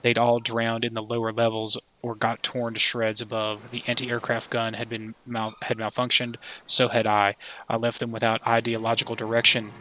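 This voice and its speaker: A man voicing a frail, bitter old soldier in his sixties, delivering a grim, haunted monologue in a flat voice. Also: medium pitch, normal speed, a little hiss or hum, close to an everyday voice, poor audio. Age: 60s.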